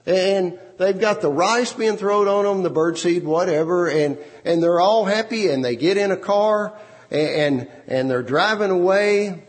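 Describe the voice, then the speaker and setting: A man's voice: sits high, measured pace. A man preaching a sermon, repeating words and phrases for emphasis. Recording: long hall reverb.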